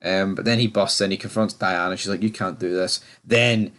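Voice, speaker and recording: A man's voice: deep voice, steady tone, moderate pace, a bit bright. Rambling man reviewing TV. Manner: rambling, stammering restarts, exasperated. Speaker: TV review channel host. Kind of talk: casual episode review.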